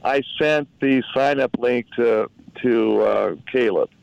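A man pitching a product over a call, halting and repeating himself as he talks. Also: vocal fry, a little mellow, no echo, lo-fi sound. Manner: halting, repeats words, salesy. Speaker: product promoter. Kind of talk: phone call.

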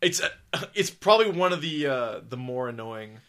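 A man's voice: medium pitch, animated, normal speed, fairly bright tone. A man co-hosting a casual podcast, rambling and crude, laughing often. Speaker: podcast co-host.

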